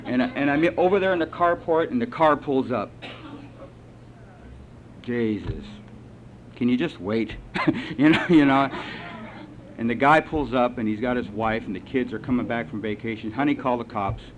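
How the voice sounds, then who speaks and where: A man telling his recovery story to a meeting, salty and animated, with lively asides. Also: mid-range voice, moderate pace, long pauses, highs cut off. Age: older. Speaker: AA meeting speaker.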